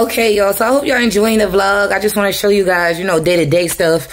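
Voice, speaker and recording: A woman's voice: medium pitch, steady tone, fast, faint music behind. Chatty woman vlogging at home. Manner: chatty, addresses viewers as y'all. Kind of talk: casual chat to camera.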